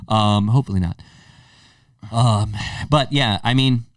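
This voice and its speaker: A young man co-hosting a casual podcast, animated and profane as he acts out the people in his stories. He sits a little away from the mic in a dry, dead room. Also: lowish voice, unhurried, no echo, distant mic. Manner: animated, swears freely, acts out quotes. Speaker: podcast co-host. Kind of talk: casual storytelling chat.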